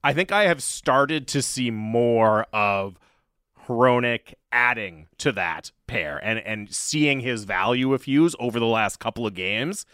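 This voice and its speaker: A man co-hosting a casual sports podcast, animated and conversational, with many "like"s. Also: medium pitch, measured pace, clean tone, dry recording, clean studio sound. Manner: animated, conversational, uses "like" a lot. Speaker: podcast co-host.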